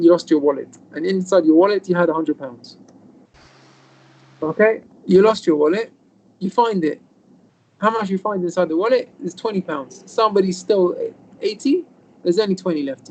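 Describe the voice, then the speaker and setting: Rabbi teaching by video call. Lively storyteller who acts out dialogue. Raised voice with a rough, fry-edged texture and faint hiss behind. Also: male voice, high voice, lo-fi sound. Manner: animated storyteller, acts out quoted dialogue, mixes in Hebrew terms. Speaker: rabbi teaching a weekly Torah lesson. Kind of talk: informal Torah lesson with storytelling.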